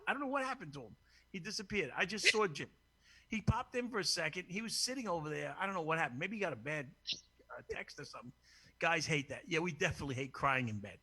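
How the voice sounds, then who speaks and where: Man, crude casual chat host, bright forceful tone, husky, rather high-pitched. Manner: brash, profane and joking, laughs often.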